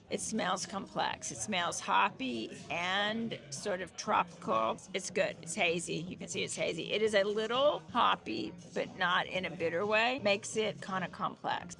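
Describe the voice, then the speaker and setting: A woman's voice: mid-range voice, measured pace, creaky, a bit bright, faint music behind. A woman in her fifties co-hosting a casual beer-tasting vlog, chatting and describing flavors as she tastes. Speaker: vlog co-host.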